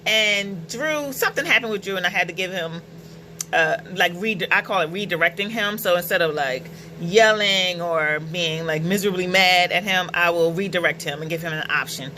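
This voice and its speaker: A middle-aged woman tells personal stories straight to camera in a chatty, animated way, laughing as she goes. Her voice is bright and forward. Faint noise sits under the recording. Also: lowish voice, normal speed, poor audio. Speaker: vlogger. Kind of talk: casual storytelling vlog.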